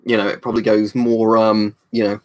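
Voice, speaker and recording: A man's voice: fairly low pitch, level tone, fairly quick, slight background noise. A British man chatting on a livestream, reading out viewer comments and rambling with many ums and restarts. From United Kingdom. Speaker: livestream host.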